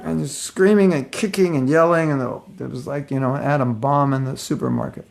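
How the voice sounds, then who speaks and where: Gravelly older man giving a casual spiritual class. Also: on the high side, moderate pace. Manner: conversational storytelling, acts out voices of people in his stories. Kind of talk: casual devotional lecture.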